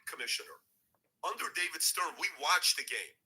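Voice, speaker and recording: A man's voice: on the high side, animated, normal speed, sharp tone, poor audio. A man hosting a podcast, opinionated sports talk full of pointed rhetorical questions. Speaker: podcast host.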